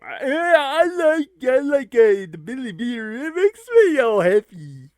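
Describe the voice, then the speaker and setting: A goofy, simple-minded male sidekick, as a man puts him on, squeaking way up high and blaring with excitement. He sounds giddy and easily pleased. The sound is dry and close. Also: measured pace, dry recording, heavily acted.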